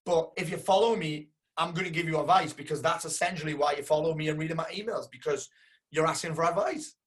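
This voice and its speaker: A man's voice: fairly high pitch, fast talker, a bit bright. A man, a business coach, in a casual podcast chat, emphatic and swearing often. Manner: emphatic, frequent swearing, says "dude".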